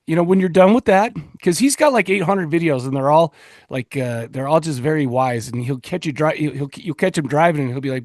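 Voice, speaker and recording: A man's voice: a little high, darkish tone, no echo, clean studio sound. Joking, rambling podcast host man. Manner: joking, rambling, fast restarts. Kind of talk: casual chat.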